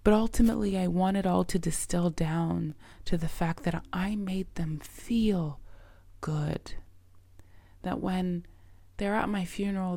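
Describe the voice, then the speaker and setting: A middle-aged woman with a low, gravelly voice hosts her own podcast as a coach. She speaks slowly and earnestly, often sinking into a soft, breathy near-whisper, and her tone is dark and mellow. The sound is dry and close. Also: no room sound. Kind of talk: reflective solo podcast talk.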